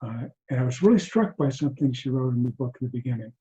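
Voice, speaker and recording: A man teaching mindfulness to an online group, speaking softly and haltingly with frequent restarts over a video call. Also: mid-range voice, expressive. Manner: soft-spoken, halting, many restarts. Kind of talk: reflective talk to an online group. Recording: dull lo-fi video call audio.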